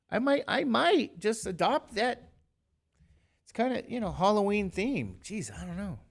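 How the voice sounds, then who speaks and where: A man's voice: high-pitched, sing-song, a little slow, vocal fry. Fifty-something guy teaching calculus, loose and rambly, cracking little jokes. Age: 50s. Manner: chatty, rambling, jokey asides to students. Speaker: math teacher. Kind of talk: casual classroom talk.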